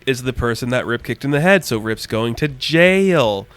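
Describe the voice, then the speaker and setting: A man's voice: mid-range voice, animated, moderate pace, a bit bright, clear, resonant tone, soft background music. A man giving a casual, enthusiastic spoken review of a comic book, rambling with lots of filler words.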